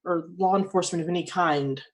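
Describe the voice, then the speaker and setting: A man's voice: high-pitched, steady tone, fairly quick, natural voice. A man playing a frantic, stammering young woman. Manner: stammering and urgent. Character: frantic, desperate young woman seeking help.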